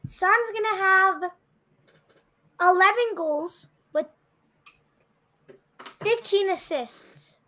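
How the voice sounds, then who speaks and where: A woman's voice: very high voice, very slow, pauses often, pushed and bright. A woman co-hosting a podcast, eager and playful with her questions. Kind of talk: casual podcast chat.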